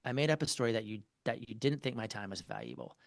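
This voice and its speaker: A male marriage therapist chats as a podcast guest, loose and casual, walking through an example with plenty of fillers and restarts. His mid-range voice swings hugely in pitch, moves fast, and has vocal fry, with no echo.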